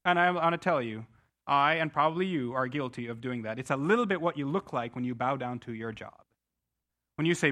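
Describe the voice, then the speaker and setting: A middle-aged man preaching a sermon as pastor, emphatic, often restarting words with quick repeats. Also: mid-range voice, lively intonation, bright, forceful tone.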